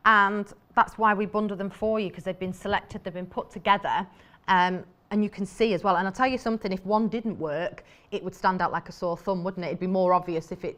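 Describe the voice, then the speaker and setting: A woman's voice: mid-range voice, fairly bright tone. A woman presenting live on a shopping channel in a TV studio, chatty and enthusiastic, rambling as she shows fabrics.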